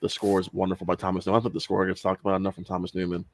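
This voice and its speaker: A man's voice: low voice, monotone, rapid-fire. A man chatting casually about movies, eager and full of restarts. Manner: enthusiastic, stumbling restarts. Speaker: podcast co-host. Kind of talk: casual chat.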